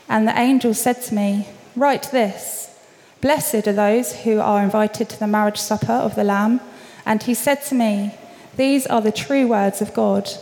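Woman reading scripture with steady, measured delivery. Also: on the high side. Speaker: scripture reader. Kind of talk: public Bible reading. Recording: long reverb.

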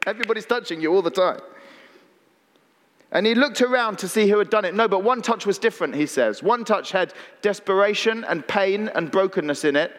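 In a large hall with long reverb, a man preaches a sermon conversationally, tossing in playful asides and calling out to the congregation. His voice sits high and sounds animated and fairly bright, moving a little fast.

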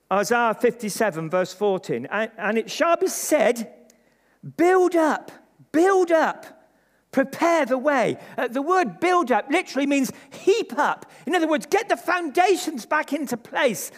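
High-voiced, animated man preaching. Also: measured pace. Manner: emphatic, leads call-and-response with the congregation. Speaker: pastor. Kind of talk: sermon. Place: church service before a congregation. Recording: long reverb of a large hall.

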